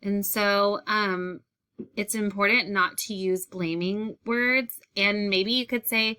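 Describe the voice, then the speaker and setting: Bright-toned woman, elementary teacher, patient and guiding, repeats key points for small kids. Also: medium pitch, steady tone, takes it slowly, clean tone. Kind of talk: classroom lesson for young children.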